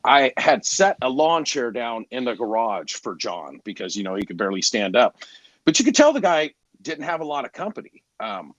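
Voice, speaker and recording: Man in his 40s, salesman, casual podcast storytelling, candid, mid-pitched voice, dry close sound. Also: very animated, moderate pace, no room sound, dull audio. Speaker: garage door salesman.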